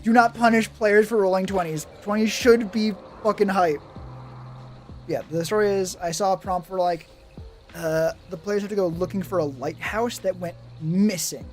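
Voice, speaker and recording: A man's voice: high-pitched, moderate pace, faint music behind. A man streaming, chatting casually about running tabletop games, swearing often and answering chat. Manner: profane, animated, rambling, reading chat. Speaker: streamer giving tabletop game advice.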